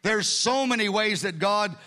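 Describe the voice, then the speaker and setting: A little slow, his voice pushed and bright, this sixties-aged pastor preaches earnestly to his congregation in a conversational way. The voice tends to strain, and his pitch climbs suddenly in places.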